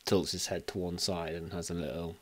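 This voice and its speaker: A man's voice: low-pitched, level tone, brisk. A man narrating as game master of a tabletop game, hedging with "kind of, like". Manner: hesitant, many "kind of, like" fillers.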